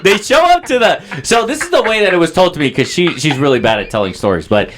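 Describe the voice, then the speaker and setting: Lively, animated man telling a story. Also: high-pitched, fast talker, noisy background. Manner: profane, animated, acts out quoted voices. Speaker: podcast co-host. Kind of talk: casual storytelling chat.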